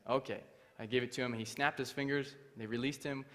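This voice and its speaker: A man's voice: medium pitch, fairly even intonation, normal speed, pauses often, fairly bright tone, long reverb tail. A young man giving his testimony from a church stage. He tells the story with animation and acts out the other people's voices. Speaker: guest speaker. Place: church hall.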